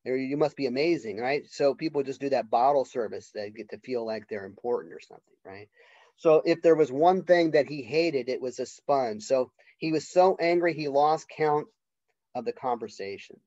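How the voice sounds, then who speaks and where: Warm and mid-range, a male college professor's voice carries a casual, conversational literature lecture where he performs characters' lines in quick voices. No echo is present on the dull, lo-fi lecture recording.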